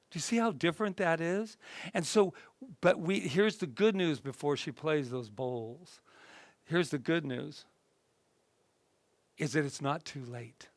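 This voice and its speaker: A minister speaking lively and warm-toned. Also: male voice, on the high side, no room sound. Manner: lively and conversational, softening into slow soothing guidance. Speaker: minister leading a workshop. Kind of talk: workshop talk and guided meditation. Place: indoor group session room.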